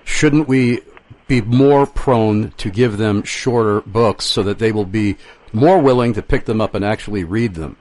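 A man in a casual conversation, speaking in a measured, reflective way. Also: lowish voice, darkish tone, dry recording.

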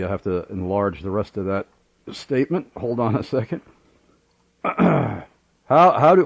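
A man's voice: medium pitch, a little mellow, dry recording. A man from New York hosting a radio call-in show, reading listener questions aloud and stumbling over repeated words.

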